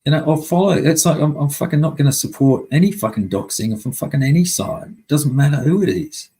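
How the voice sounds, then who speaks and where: Male streamer, husky, blunt and profane, venting to chat. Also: on the high side, lively intonation, a little fast, mellow, rough recording. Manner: heavy swearing, angry and blunt. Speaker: live stream host. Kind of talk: casual live-stream rant.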